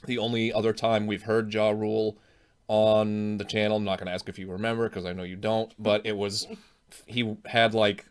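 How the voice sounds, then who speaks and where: A man's voice: fairly low pitch, flat delivery, moderate pace, smooth. A man hosting a casual reaction video, chatting at length and explaining music history. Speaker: host.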